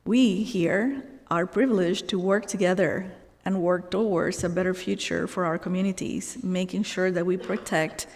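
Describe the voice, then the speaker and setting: A woman with a low, gravelly voice presents to a board in an earnest, halting way, filling her pauses with ums and you knows. Her voice rings out through a reverberant meeting hall. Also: a little mellow. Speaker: university diversity officer presenting to a board. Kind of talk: formal presentation with many fillers. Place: meeting room at a board session.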